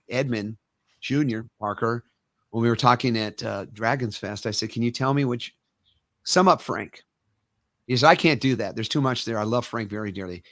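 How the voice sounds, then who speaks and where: In a relaxed interview, a middle-aged karate master from the United States shares forceful, lively anecdotes. His voice is medium in pitch, captured in a dry recording.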